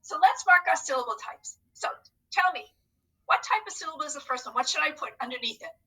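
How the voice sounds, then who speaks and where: A woman's voice: high-pitched, animated, fairly quick, bright, forceful tone, recorded from a distance, poor audio. A woman teacher leading a recorded phonics lesson, upbeat and coaxing as she talks to unseen students.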